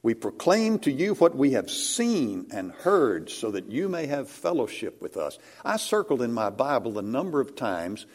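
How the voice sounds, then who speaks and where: A man preaching a sermon, speaking in a measured way and rising for emphasis. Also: medium pitch, very animated, husky. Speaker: pastor.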